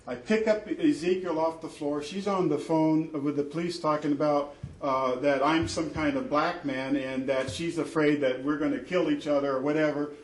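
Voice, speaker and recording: A man's voice: on the high side, steady tone, normal speed, hardly any pauses. A man, a father, gives an emphatic, repetitive personal account of a family fight, with many fillers. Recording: echoey room.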